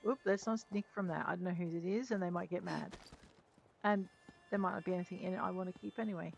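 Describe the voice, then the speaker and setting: A woman's voice: fairly low pitch, fairly even intonation, quick pace, gravelly. A woman giving chatty, self-mocking commentary while playing a video game, talking back to the characters. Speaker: let's play gamer. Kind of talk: casual gameplay commentary. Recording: dull lo-fi mic with game music.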